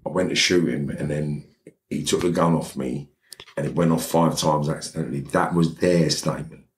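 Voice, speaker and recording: A man's voice: a bass voice, steady tone, normal speed, a little hiss or hum. A middle-aged man with a London accent, a podcast guest telling a story in a blunt, streetwise, rambling way, checking in with "right?" as he goes. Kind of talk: casual storytelling in a podcast interview.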